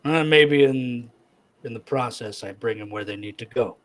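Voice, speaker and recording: A man's voice: mid-range voice, normal speed, natural voice. A man voicing a laid-back, unbothered fisherman guide who talks in an easygoing drawl.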